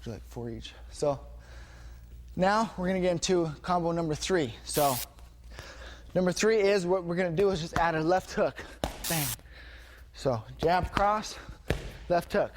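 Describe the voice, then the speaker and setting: An energetic male martial arts instructor with a voice a little high for a man talks through punch combinations, calling out every strike and punctuating moves with "bang." He's a little slow and pauses often, and the gym behind him is noisy with steady background sound.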